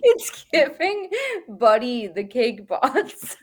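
A woman's voice: a little high, big pitch swings, slow pace. A woman co-hosting a casual chat podcast, giggling and laughing through her sentences. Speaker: podcast co-host.

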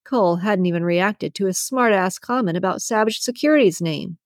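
A woman narrating a romance audiobook in a steady, even storytelling manner. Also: mid-range voice, normal speed, no room sound, studio quality. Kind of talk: scripted narration.

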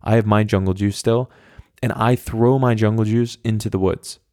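A podcast host in his twenties spins a long, rambling story with wry humor and plenty of swearing. His fairly low, slightly mellow voice has fairly even intonation and a normal speed, captured in studio quality with no room sound.

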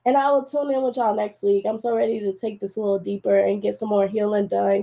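Through tears, a woman hosting a solo podcast chats casually and encourages her listeners, whom she addresses as "y'all." Her voice is medium-pitched with vocal fry, and she's openly emotional.

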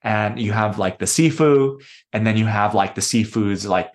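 A man's voice: fairly low pitch, moderate pace. Thoughtful man telling personal stories. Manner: thoughtful, acts out quoted voices. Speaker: podcast guest. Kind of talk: reflective conversational storytelling.

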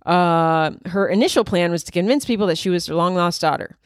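A woman's voice: lowish voice, brisk, no echo, studio quality. A woman in her thirties, a comedian hosting her own podcast, riffing in a wry, candid monologue full of asides. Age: 30s.

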